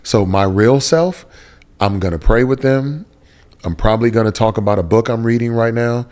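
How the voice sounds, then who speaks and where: A man's voice: mid-range voice, moderate pace, a little mellow. A man from Texas, an interview guest giving a candid, emotional personal testimony with casual slang. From Texas, USA.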